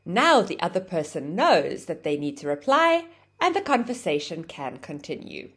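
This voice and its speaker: Lively woman teaching English grammar. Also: lowish voice, normal speed, husky. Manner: explaining, acts out example phrases with exaggerated intonation. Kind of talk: grammar lesson.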